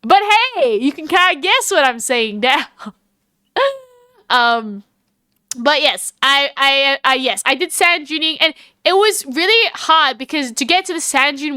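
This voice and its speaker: An Australian woman livestreaming and chatting casually with her viewers, rambling and giggly, talking fast with lots of fillers. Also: high voice, expressive, pushed and bright, no room sound. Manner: chatty and giggly, talks to chat and calls herself by name.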